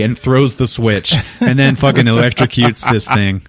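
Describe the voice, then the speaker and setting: In a podcast studio, a male host recaps a film casually, cursing and acting out scenes in funny voices. His mid-range voice moves briskly with few pauses, and the studio-quality recording has no echo.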